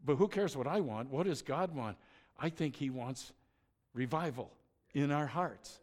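A middle-aged man preaching a sermon as pastor, conversational and animated, acting out little stories with exclamations. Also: mid-range voice, unhurried.

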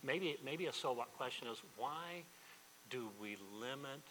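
A man's voice: medium pitch, unhurried, pushed and bright, in a large hall, a little hiss or hum, low-quality recording. A man preaching a sermon as pastor, emphatic and repetitive, often restarting his phrases.

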